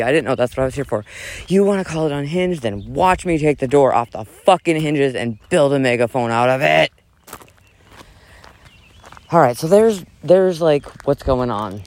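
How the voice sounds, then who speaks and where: A man reading a dramatic, profane rant and breaking off into casual asides, switching between loud mock yelling and quieter talk. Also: a little high.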